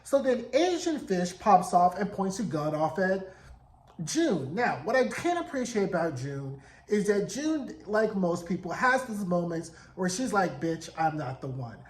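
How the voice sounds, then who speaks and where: A man in his forties giving a sassy, animated casual recap of a TV episode, acting out the characters' lines. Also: sits high, measured pace. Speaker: TV recap vlogger. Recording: roomy echo.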